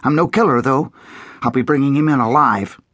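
A man voicing an earnest teenage elf boy in an audiobook, trying hard to keep his voice steady. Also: mid-range voice, fairly quick, no echo, voice pushed up, lightly acted. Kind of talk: audiobook character voice.

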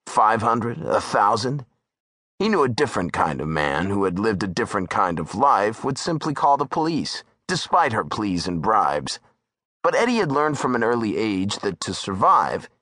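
Male narrator for a tense thriller; animated, dry, close delivery. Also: fairly low pitch, a little slow, no echo. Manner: tense, dramatic storytelling. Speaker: audiobook narrator. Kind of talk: scripted narration.

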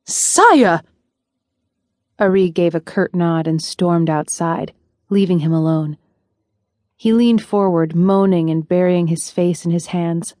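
A woman narrating a novel in a measured, even storytelling voice. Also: on the low side, no echo, clean studio sound. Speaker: audiobook narrator. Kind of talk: scripted narration.

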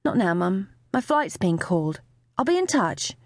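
A woman voicing a tearful young woman doctor fleeing her wedding, shaky and shrill when pressed. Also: very animated, moderate pace, darkish tone, no room sound, clean studio sound. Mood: upset, shaky.

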